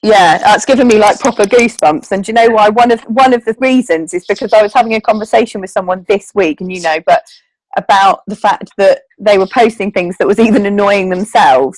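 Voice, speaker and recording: A woman leads her team over a video call, in a chatty, heartfelt style full of fillers. Her pitch sits in the middle of the range. The sound is dry, with no room echo. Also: a little fast, darkish tone. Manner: chatty, earnest, emotional, with many fillers and laughs. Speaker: network marketing team leader. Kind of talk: casual group video call talk.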